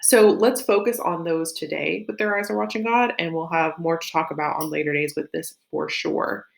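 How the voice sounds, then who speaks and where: A woman's voice: sits low, fairly even intonation, normal speed, gravelly. A woman with a light Southern US accent, teaching a literature lesson in a chatty, think-aloud way with frequent fillers and self-corrections. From Southern United States. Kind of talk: recorded classroom lesson.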